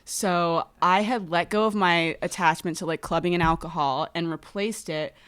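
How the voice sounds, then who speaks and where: A woman's voice: on the low side, moderate pace, a bit bright, smooth. A woman guest on a podcast, chatting casually and candidly, swearing freely and acting out quoted voices.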